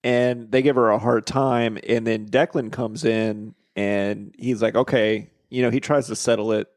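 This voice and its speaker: A man's voice: lowish voice, steady tone, normal speed, a little mellow, no echo, clean studio sound. A man co-hosting a podcast, recapping a movie in casual chat, joking and teasing with frequent laughs. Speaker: podcast co-host.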